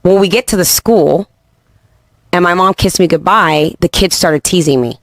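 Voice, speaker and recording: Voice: mid-range voice, moderate pace, no room sound. A person from England telling a childhood story in an earnest, personal way. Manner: earnest, recounting memories.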